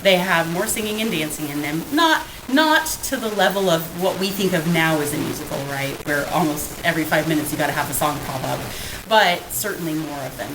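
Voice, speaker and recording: A woman co-hosting a podcast in casual chat, dramatic and animated, often breaking into laughter. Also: low voice, fairly quick, background noise. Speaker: podcast co-host. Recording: roomy echo.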